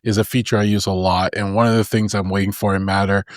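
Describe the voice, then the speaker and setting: Low-ish voiced guy on a tech podcast, enthusiastic, explaining stuff, dry mic. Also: flat delivery, fast, no echo. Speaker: podcast co-host. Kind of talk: casual tech podcast chat.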